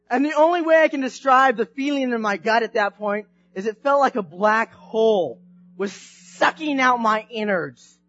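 Male preacher, high voice, lively storytelling sermon, dull dry recording with faint music under it. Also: no echo. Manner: animated, swings from hushed to shouting.

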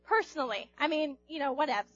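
A woman's voice: very high-pitched, lively intonation, unhurried, sharp tone, no echo, lo-fi sound, soft background music. A young woman giving an informal, chatty sermon to a group, asking the audience questions and acting out quotes. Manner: chatty, playful, acts out quotes, asks the audience. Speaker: youth speaker.

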